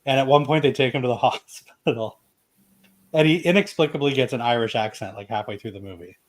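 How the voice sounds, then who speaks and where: A man's voice: medium pitch, a little fast. A man co-hosting a casual podcast, retelling scenes eagerly and often repeating words. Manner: enthusiastic storyteller, repeats words. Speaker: podcast co-host. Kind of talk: casual chat.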